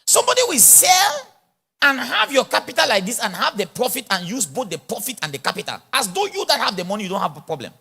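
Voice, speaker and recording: A man with a high, breathy-edged voice and vocal fry preaches quickly with few pauses at a conference, his influence clear in his speech. Animated, he mixes pidgin English with acted-out dialogues in a large church or conference hall.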